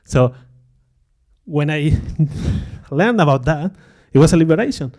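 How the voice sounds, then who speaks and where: A man on a conference stage talks to the crowd with an open, self-mocking manner and laughs easily. His voice sits a little high for a man. He breaks into livelier voices when he repeats what others said. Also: animated, unhurried, a little mellow. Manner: candid, self-deprecating, laughs often; acts out quoted remarks in a livelier voice. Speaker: conference speaker. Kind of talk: conference talk. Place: conference stage before an audience.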